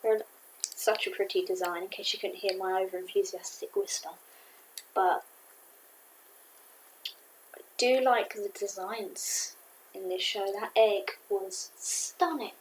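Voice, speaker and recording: A woman casually reviewing a cartoon episode to camera, rambling and excitable with many fillers. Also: mid-range voice, unhurried, pauses often, a little hiss or hum, poor audio. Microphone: camera mic.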